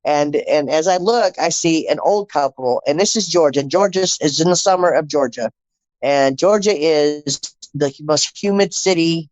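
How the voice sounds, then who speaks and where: A middle-aged woman, a podcast guest, telling her personal story in an animated way, acting out the dialogue and repeating phrases for emphasis. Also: low voice, normal speed, no room sound, muffled recording.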